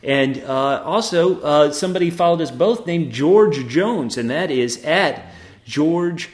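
A man co-hosts a comedy podcast, joking as he reads listener reviews. His voice sits notably high for a man. The room adds a clear, roomy echo. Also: animated, takes it slowly. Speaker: podcast co-host. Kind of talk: casual comedic podcast banter.

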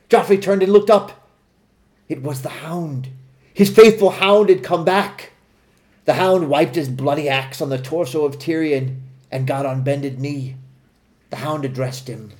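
Podcast co-host, deadpan comic narrator, slightly high voice. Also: male voice. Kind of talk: comic fan-fiction narration.

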